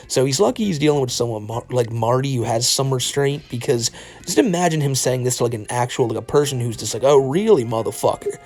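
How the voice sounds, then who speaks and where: A man giving casual commentary on a clip, mocking and profane, often laughing. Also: medium pitch. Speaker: commentary YouTuber.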